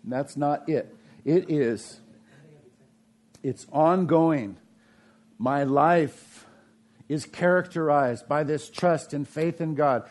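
Fairly high-voiced male preacher, conversational. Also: slow pace, long pauses. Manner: conversational preaching with frequent restarts and rhetorical questions; swings between raised emphasis and quiet, low asides. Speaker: pastor. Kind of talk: sermon.

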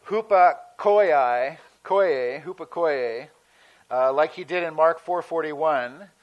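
Man preaching with a higher voice. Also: fairly bright tone, low-quality recording. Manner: conversational teaching, drawing out key words slowly. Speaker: pastor. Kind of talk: sermon.

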